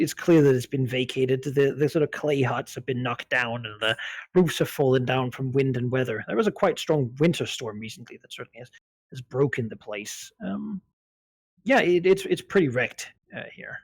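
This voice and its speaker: A man's voice: medium pitch, animated, moderate pace, no room sound. A man narrating a tabletop game as game master, hesitant and full of fillers.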